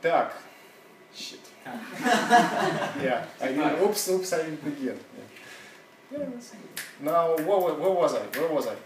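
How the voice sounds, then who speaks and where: A man teaching an English seminar in a chatty, laughing, halting way. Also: fairly high pitch, very animated, noisy background. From Russia. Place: classroom. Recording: roomy classroom, mic far off.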